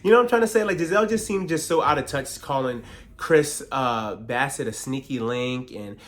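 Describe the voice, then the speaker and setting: A man recapping a reality TV episode in casual, slangy talk, animated and quick to act out what the cast members said. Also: mid-range voice.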